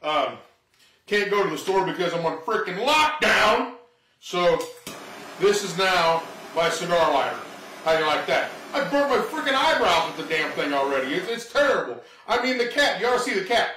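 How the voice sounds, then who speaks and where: A man with a drawl rambles through a comedy bit in a folksy, self-mocking way. His voice sits high and bright, swinging all over the place. It sounds roomy and a little off the mic, as if filmed in a living room. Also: very animated, moderate pace, recorded from a distance, noisy background. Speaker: stand-up comedian. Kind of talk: home-filmed comedy monologue.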